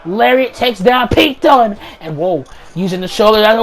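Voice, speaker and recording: A man calling play-by-play wrestling commentary over gameplay, excitable, shouting the big moves and repeating each call. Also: high-pitched, moderate pace, few pauses, a little hiss or hum, low-quality recording. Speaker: YouTube gaming channel host.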